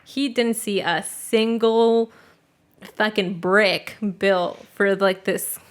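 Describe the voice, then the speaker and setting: A woman's voice: medium pitch, fairly even intonation, takes it slowly. Young woman telling a profane story. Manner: loose and profane, heavy use of 'like'. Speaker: podcast co-host. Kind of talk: casual storytelling chat.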